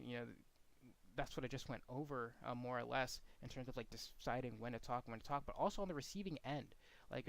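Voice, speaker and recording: A man's voice: medium pitch, gravelly. A man giving frank, casual feedback to two commentators as their coach, walking them through examples. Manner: frank, blunt, demonstrates commentary inflection.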